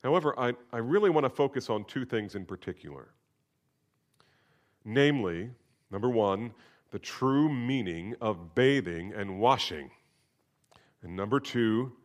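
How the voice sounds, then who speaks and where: A man preaching a sermon as pastor, emphatic, with sudden rises in pitch and volume. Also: animated, unhurried, long pauses.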